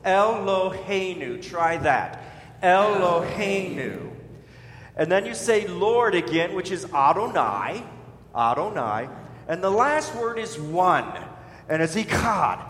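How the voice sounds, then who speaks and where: A pastor giving a sermon, leading his listeners to repeat words after him in a slow, deliberate, emphatic way. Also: high-pitched, sing-song, a bit bright, slight background noise. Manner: leads the listeners in call-and-response pronunciation. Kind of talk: sermon teaching with congregation repetition. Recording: echoey hall with long reverb.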